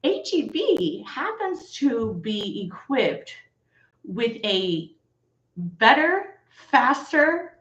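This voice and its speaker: A Texan woman hosts a livestream, her slightly bright voice on the high side. Fired-up and blunt, she swears and calls her viewers y'all, and the echoey room gives a slightly dull sound.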